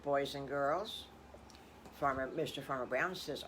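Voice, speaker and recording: A woman's voice: extremely low pitch, unhurried, fairly bright tone, slight background noise. An older woman telling improvised children's stories, folksy with chuckling asides. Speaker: storyteller.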